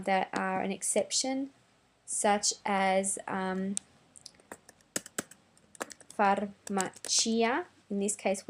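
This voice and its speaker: A woman gives a pronunciation lesson at a very unhurried pace. She says each word deliberately, often twice to contrast right and wrong, and fills pauses with soft "um"s. Her voice sits at an ordinary middle pitch. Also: a little hiss or hum. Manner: deliberate, repeats words in contrast, frequent "um" fillers. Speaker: Italian language teacher.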